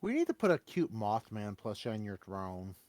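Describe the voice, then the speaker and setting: A man's voice: on the low side, huge pitch swings, moderate pace, a little mellow. A man chatting casually on a live stream with a friend, teasing him in a friendly way.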